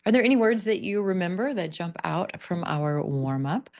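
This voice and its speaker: A woman teaching an online pronunciation class, drilling words slowly and clearly over a video call. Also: on the low side, expressive, darkish tone. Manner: slow, clear drilling of word stress. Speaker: pronunciation coach.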